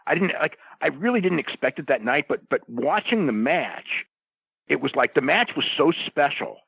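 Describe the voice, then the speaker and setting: A man's voice: on the high side, sing-song, moderate pace, vocal fry, fairly bright tone, husky, dry recording. A man telling a story in casual chat, rambling, with lots of restarts and "you know"s. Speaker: podcast roundtable guest. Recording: dull lo-fi sound.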